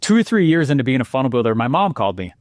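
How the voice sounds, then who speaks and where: A man presenting a marketing lesson with energetic, animated storytelling and exclamations. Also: medium pitch, rapid-fire, no room sound, studio quality.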